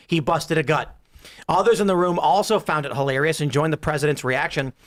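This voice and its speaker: A man's voice: a little high, a bit bright. A man hosting a podcast panel, chatting casually and joking as he reads out news. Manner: joking, riffing, quick asides. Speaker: podcast host.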